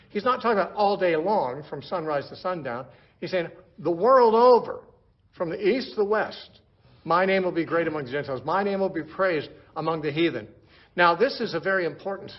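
A man gives a verse-by-verse Bible lecture in a voice pitched a little above the usual male range. He explains patiently and often restarts his sentences by repeating a word or two. The recording is dull and lo-fi. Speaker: Bible teacher.

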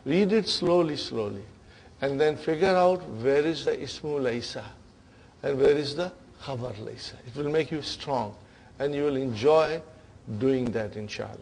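Gravelly-voiced male Arabic grammar teacher. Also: medium pitch, moderate pace, darkish tone, a little hiss or hum. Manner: checks understanding with frequent "huh?" and "okay?"; encouraging, addresses students as brothers and sisters. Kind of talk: classroom lecture.

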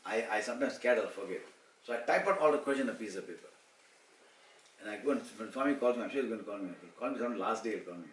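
A man's voice: lowish voice, rapid-fire. A man in his sixties from Malaysia, telling personal stories at an informal devotional gathering and acting out the dialogue. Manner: animated storyteller who acts out quoted dialogue. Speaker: motivational speaker. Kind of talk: informal devotional storytelling talk. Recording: echoey room, far-off mic, faint hum.

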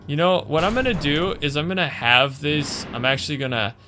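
A man's voice: on the high side, lively intonation, fairly quick, pushed and bright, faint music behind. A man playing a video game and commenting as he goes, growing exasperated and grumbling about the controls. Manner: frustrated, exasperated, muttering complaints. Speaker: gaming channel host. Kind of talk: let's play commentary.

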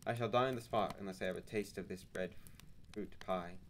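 Brief: a man as a brash, excitable harpooner with a hearty appetite, slightly raised voice, storybook reading. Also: lowish voice, moderate pace, a little hiss or hum, lightly acted. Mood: eager. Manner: boisterous, excitable. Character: brash hungry Canadian harpooner, grown man.

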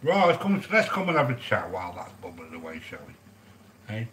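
A man's voice: lowish voice, wildly swooping pitch, brisk, fairly bright tone, slight background noise, rough recording. Chatty man cooking curry live. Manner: chatty, matey, calls viewers sweetheart. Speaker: cooking livestream host. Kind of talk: casual chat.

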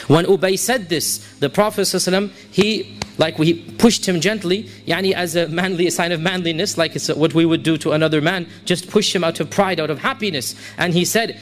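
High-voiced man telling a religious story. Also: fast. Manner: animated storyteller, quoting figures, switching into Arabic recitation. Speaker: Islamic preacher.

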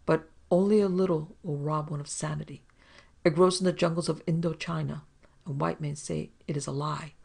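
A woman voicing a fierce, loyal male Afghan tribesman warrior who speaks in a slow, solemn way. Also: fairly high pitch, fairly even intonation, vocal fry, breathy edge.

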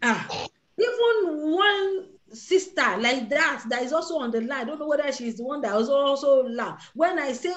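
A woman's voice: sits high, big pitch swings, normal speed, lo-fi sound. A woman leading a prayer call, preaching and acting out the voices of Bible figures. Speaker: prayer leader. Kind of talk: sermon on a prayer line.

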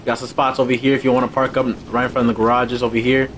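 Young male streamer, casual and excitable, mid-pitched, repeats his commands, faint background hiss. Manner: excitable, repeats short commands, quick laughs. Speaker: livestream host running a car meet. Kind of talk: casual live game commentary.

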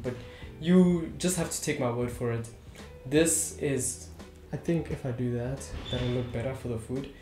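Young guy vlogging, jokey and chatty, roomy echo, guitar music under him. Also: medium pitch. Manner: chatty, self-deprecating, joking. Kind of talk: casual vlog chat. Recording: roomy room with background music. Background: soft guitar music.

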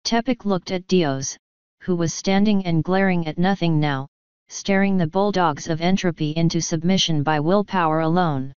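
A woman narrating an audiobook in an even, measured storytelling manner. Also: on the low side, clear, resonant tone, no echo, highs cut off. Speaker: audiobook reader. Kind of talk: scripted narration.

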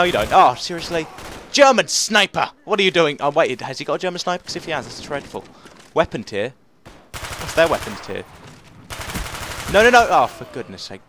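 A young man commentating his own gameplay, excitable and self-mocking, repeating phrases and yelping when he gets killed. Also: a little high, fairly quick, background noise. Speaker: gaming commentator.

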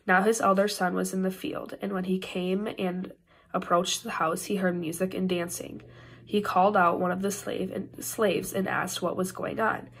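A woman's voice: lowish voice, little pitch movement, normal speed, breathy edge. A woman reading a scripture passage aloud during a worship service, with the occasional stumble and restart, and a Midwestern American accent. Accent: Upper Midwest American. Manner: careful reading with frequent slips and restarts. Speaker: scripture reader.

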